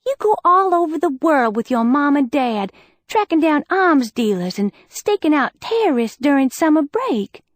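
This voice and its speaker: A woman reading an audiobook puts on a bright, insecure teenage schoolgirl who finally raises her voice, high-pitched and cracking with feeling. Close, dry sound with no room around it. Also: big pitch swings, normal speed, no echo. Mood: impassioned. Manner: raised, cracking, emotional outbursts. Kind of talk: audiobook character voice.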